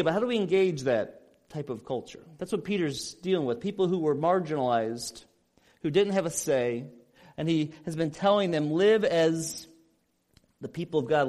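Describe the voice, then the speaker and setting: A man's voice: on the high side, darkish tone. A man from Illinois preaching a sermon as pastor, earnest and emphatic, repeating his points.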